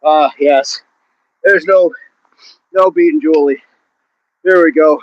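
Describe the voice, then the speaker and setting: Outdoors on a fitness livestream, a man chats with viewers and grunts out rep counts, slightly out of breath. His voice is a little high with fairly even intonation, he speaks slowly, and the recording is muffled.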